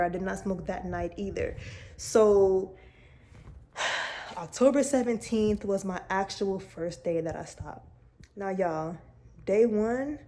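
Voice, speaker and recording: A woman's voice: mid-range voice, warm tone. A young woman vlogger chatting candidly to her viewers, telling a personal story in a casual, direct way.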